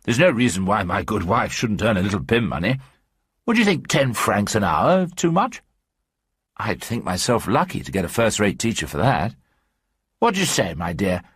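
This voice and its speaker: A plump, talkative English journalist fusses along in an eager, ingratiating way, played by a man reading the story. His low voice rises and falls constantly. There is a husky edge to it. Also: very animated, moderate pace, a bit bright, no room sound, clean studio sound, heavily acted. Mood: persuasive. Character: stout chatty English journalist husband, middle-aged.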